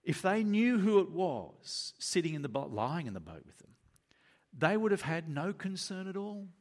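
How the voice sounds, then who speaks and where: A man preaching a sermon, reading scripture and then explaining it in an animated way, acting out the voices of Jesus and the disciples. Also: sits high, normal speed.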